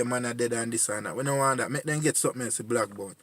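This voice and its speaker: A man in his forties with a Jamaican accent speaks in a mid-pitched voice, pleading and heartfelt, returning again and again to the same refrains. The sound is dry and close, with no room around it. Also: fast talker, a bit bright, dry recording. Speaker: community voice addressing young men. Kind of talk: earnest spoken appeal.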